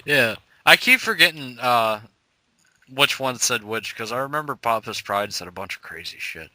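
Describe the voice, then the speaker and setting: A man's voice: mid-range voice, expressive, moderate pace, sharp tone, no room sound. A man co-hosting a podcast in casual chat, with crude, laughing banter. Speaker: podcast co-host.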